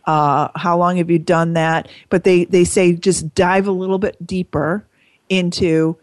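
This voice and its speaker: A woman's voice: fairly low pitch, little pitch movement, a little slow, dry recording. A woman host chatting casually in an interview, prompting her guest. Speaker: podcast host.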